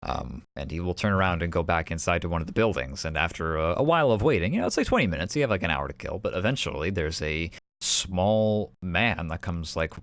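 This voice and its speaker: A man running a tabletop game, narrating scenes in a loose, rambling way full of fillers. The voice sits very low and deep. The sound is dry and close. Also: expressive, brisk, few pauses, a bit bright, no echo. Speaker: game master.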